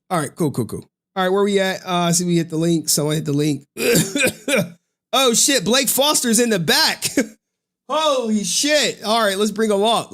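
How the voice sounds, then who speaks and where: A man on a livestream ranting in a slangy, profane, trash-talking style, laughing often. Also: a little high. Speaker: streamer.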